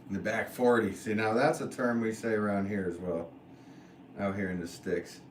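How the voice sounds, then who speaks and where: Low-voiced man chatting at the wheel. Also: moderate pace. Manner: relaxed, chatty, self-deprecating. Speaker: potter. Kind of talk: casual live-stream chat while working at the wheel. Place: pottery studio. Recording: echoey room, mic at a distance, background noise.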